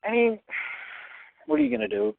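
A man's voice: very high voice, fairly quick, vocal fry, no echo. A man leaving a rambling fan voicemail, griping with lots of fillers about his team. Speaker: fan caller. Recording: tinny phone line.

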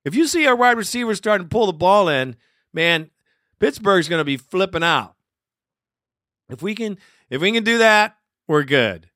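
A man hosting a fan podcast, his bright, forceful voice sitting a bit high. He rambles emotionally and laughs often. The sound is close and dry. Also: very animated, normal speed, pauses often, no room sound. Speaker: podcast host. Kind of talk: casual fan podcast commentary.

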